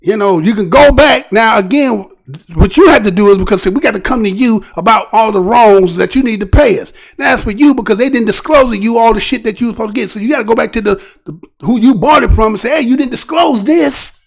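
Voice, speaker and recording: A man's voice: high-pitched, fast talker, vocal fry. A man hosting a casual commentary show, talking in a heated way and firing off repeated rhetorical questions.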